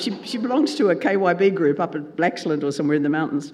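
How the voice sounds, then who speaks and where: Brief: male Christian speaker, high voice, lively storyteller, long hall reverb. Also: fast, few pauses. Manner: animated storyteller acting out dialogue. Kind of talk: storytelling talk.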